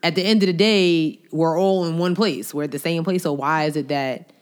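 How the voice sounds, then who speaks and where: A woman from Long Island co-hosting a podcast in casual chat. She is animated and talkative, acting out little voices and asking whether she is understood. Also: low voice, moderate pace, smooth. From Long Island, New York. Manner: animated and talkative, acts out little voices, keeps asking "you know what I'm saying?".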